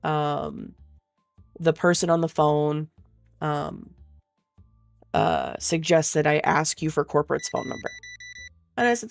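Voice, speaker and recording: A woman's voice: low voice, expressive, slow, creaky, long pauses, faint music behind. A young woman streamer telling a rambling, swear-laden story in a casual way, full of fillers. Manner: profane, rambling, filler-heavy.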